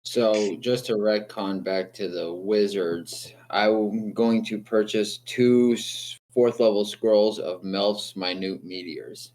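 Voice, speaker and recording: A man's voice: lowish voice, takes it slowly, hardly any pauses, darkish tone. A man playing a tabletop game, speaking in a plain, matter-of-fact way. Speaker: player.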